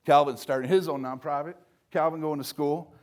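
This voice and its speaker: A man's voice: fairly even intonation, fairly quick. Emphatic older man giving a motivational talk. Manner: emphatic, swings between loud punches and soft lows. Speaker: speaker at a recovery event. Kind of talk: motivational speech.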